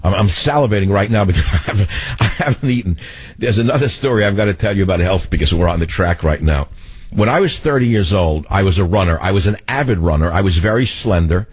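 Husky older radio talk host. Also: male voice, low voice, fast talker, no room sound. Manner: rambling, animated storytelling with restarts. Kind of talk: radio talk show monologue. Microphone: studio microphone.

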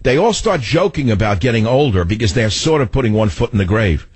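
An older man hosting a radio talk show, rambling through stories with restarts and lively asides. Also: mid-range voice, fairly quick, husky, dry recording. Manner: rambling, animated storytelling with restarts. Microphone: studio microphone.

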